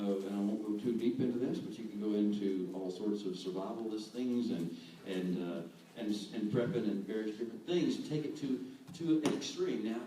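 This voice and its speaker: A man giving an animated sermon as a guest speaker, acting out quoted voices. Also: mid-range voice. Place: church hall. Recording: echoey hall, distant mic, faint room noise.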